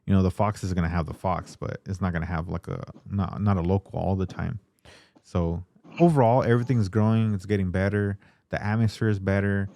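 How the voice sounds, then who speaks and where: A man hosting a podcast, chatting casually in a relaxed way with lots of fillers. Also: low voice, fairly quick, vocal fry, dry recording. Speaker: podcast host. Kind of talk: casual chat.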